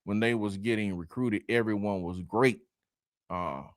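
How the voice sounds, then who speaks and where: At a measured pace and fairly low pitch, a man hosts a loose sports talk livestream, laughing as he reads viewer comments and using Southern slang such as "y'all" and "man." The sound is clean studio quality without any room sound.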